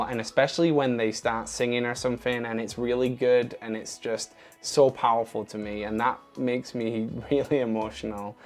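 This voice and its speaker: A man's voice: medium pitch, a little mellow. Earnest man vlogging about feelings. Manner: open, earnest and emotional. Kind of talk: casual talk to camera.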